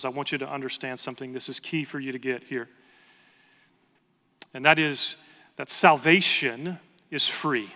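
A man's voice: medium pitch, bright, forceful tone. A man in his thirties preaching a sermon as pastor, earnest and emphatic, repeating key phrases. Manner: earnest, building to emphatic repetition. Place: large church hall. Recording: long reverb of a large hall.

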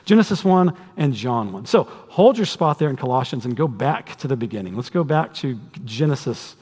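A man preaching a sermon to a congregation, conversational and animated, with humorous asides. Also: medium pitch, moderate pace, slightly rough. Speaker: pastor. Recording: long hall reverb.

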